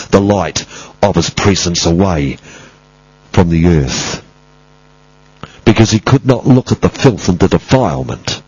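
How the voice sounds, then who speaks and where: A man's voice: on the low side, darkish tone, breathy edge, no room sound, highs cut off. A man preaching a sermon in an emphatic, repetitive cadence.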